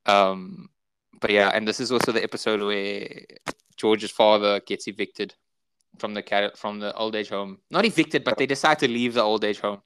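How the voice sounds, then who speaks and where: A South African man co-hosting a podcast, casually retelling sitcom scenes and jumping into high, squeaky imitations of the characters. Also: steady tone, normal speed, fairly bright tone, smooth, dry recording. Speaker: podcast co-host. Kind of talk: casual chat.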